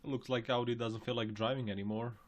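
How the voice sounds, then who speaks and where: A man's voice: medium pitch, fairly even intonation, brisk. A man hosting a video, giving joking, chatty reaction commentary over clips and laughing often.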